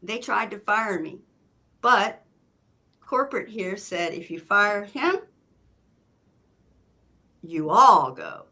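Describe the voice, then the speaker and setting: A woman recounting a personal story in a casual podcast chat, slipping into the voices of the people she quotes. Her tone is bright and forceful, and her pitch swings widely as she gets animated. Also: takes it slowly, long pauses. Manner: animated, acts out quoted lines. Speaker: guest.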